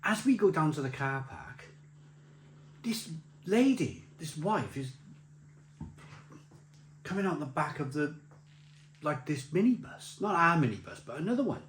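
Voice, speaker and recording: A man's voice: fairly high pitch, sing-song, unhurried, pauses often, a little hiss or hum. A man telling a rambling, laughing anecdote as a beer vlogger, with many restarts. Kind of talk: casual anecdote. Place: beer festival. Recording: roomy echo with faint ambience.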